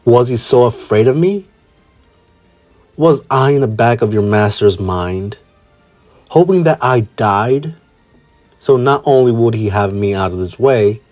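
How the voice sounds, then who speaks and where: A man's voice: mid-range voice, animated, unhurried, pauses often, a little mellow, faint music behind, natural voice. A man voicing a seething young soldier-hero. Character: angry young male super soldier hero.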